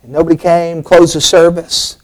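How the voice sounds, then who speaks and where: A man's voice: on the high side, flat delivery, normal speed, rough recording. A man preaching a sermon, telling a story with an emphatic, rising and falling preaching cadence.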